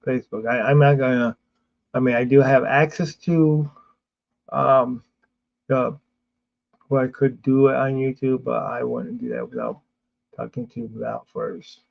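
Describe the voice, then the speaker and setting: A man's voice: medium pitch, little pitch movement, a little slow, gravelly, long pauses, lo-fi sound. A man hosting a casual sports livestream, rambling with fillers and restarts, sleepy and yawning. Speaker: sports show host.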